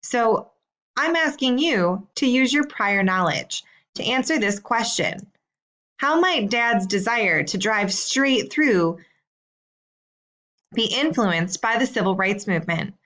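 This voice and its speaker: A woman teacher reading out homework questions in a slow, clear, deliberate way. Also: fairly high pitch, animated, a bit bright. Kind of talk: recorded assignment instructions.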